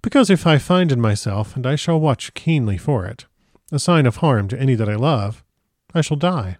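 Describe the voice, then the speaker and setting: A man's voice: medium pitch, expressive, normal speed, a little mellow, no room sound, studio quality, voice pushed up, natural voice. A man voicing a brave, sorrowful young woman who states her grim resolve plainly and earnestly. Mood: solemn.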